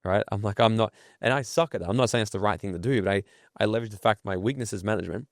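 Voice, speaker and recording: A man's voice: fairly low pitch, racing, creaky, no room sound, studio quality. Blunt, swearing man. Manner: blunt, swears freely, tells stories. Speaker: entrepreneur guest. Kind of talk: casual podcast interview.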